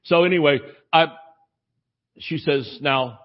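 A male preacher spins a rambling anecdote, acting out the voices of the people he quotes. His voice sits at a middle pitch. The sermon audio sounds dull and lo-fi. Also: measured pace. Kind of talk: sermon storytelling.

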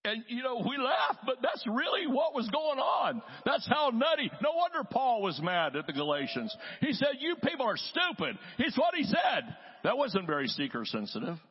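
Husky-voiced evangelist man in a reverberant hall. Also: very high-pitched, very animated, moderate pace, hardly any pauses. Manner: folksy, joking asides, restless restarts. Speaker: traveling healing evangelist, guest preacher. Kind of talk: conversational sermon. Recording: dull lo-fi sound with long hall reverb.

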